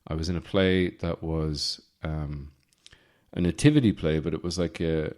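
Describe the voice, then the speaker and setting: An Irish man in his forties, hosting a podcast with a rambling, deadpan comic monologue full of fillers and restarts. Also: very deep voice, moderate pace. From Ireland. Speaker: podcast host.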